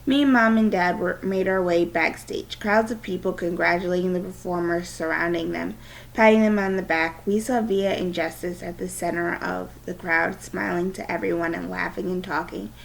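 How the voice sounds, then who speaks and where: A woman's voice: lowish voice, fairly even intonation, moderate pace, vocal fry, low-quality recording. A woman teacher with a cold reading a novel aloud to her class, with small stumbles. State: has a cold.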